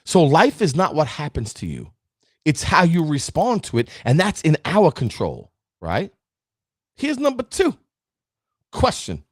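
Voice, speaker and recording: A man's voice: fairly high pitch, huge pitch swings, unhurried, slightly rough, no echo, studio quality. A man giving a live-streamed motivational talk, emphatic and preachy, often asking "right?" and greeting viewers by name. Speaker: motivational speaker.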